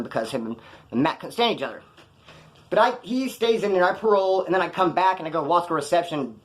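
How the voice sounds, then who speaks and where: A man with a fairly high voice tells rambling, slangy stories from his time inside. He talks fast and acts out the other guys' lines as he goes. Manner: rambling, slangy, animated retelling with quoted dialogue. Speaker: former prisoner telling prison stories. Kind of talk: casual storytelling to camera.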